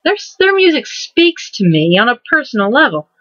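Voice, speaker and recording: A woman in her twenties hosting a casual vlog, rambling excitedly and restarting her words as she goes. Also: fairly high pitch, normal speed, no room sound. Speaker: vlogger host. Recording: dull lo-fi dry recording.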